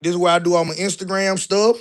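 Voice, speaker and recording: A man's voice: high voice, fairly even intonation, fast talker, smooth. A man strolls through a house, filming himself on a handheld phone for a live stream. His talk is loose and conversational, and he keeps checking in with the viewers as he goes. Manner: loose, chatty, keeps asking "right?". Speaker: online business coach. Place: indoors in a house, walking room to room.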